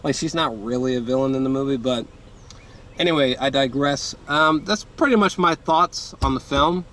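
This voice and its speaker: A man's voice: mid-range voice, normal speed, fairly bright tone. A man giving a casual, rambling film review from a hot room indoors, full of fillers and swearing. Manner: rambling, frequent fillers and profanity. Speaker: movie reviewer.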